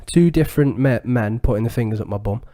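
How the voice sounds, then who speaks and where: A young man in his twenties, co-hosting a podcast and telling a crude story in casual, animated chat full of swearing. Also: mid-range voice, fast talker. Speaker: podcast co-host.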